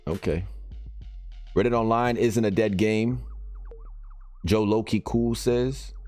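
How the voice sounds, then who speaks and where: Streamer, male, very low voice, loose chatty delivery reacting to chat, soft music underneath. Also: takes it slowly. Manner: chatty, reacts to viewer comments and posts as he reads them. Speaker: game streamer. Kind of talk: casual live-stream chat.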